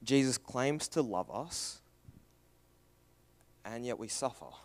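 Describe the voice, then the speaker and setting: A young man preaching a sermon, earnest and questioning, moving from raised emphasis to hushed, quiet passages. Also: mid-range voice, expressive, slow.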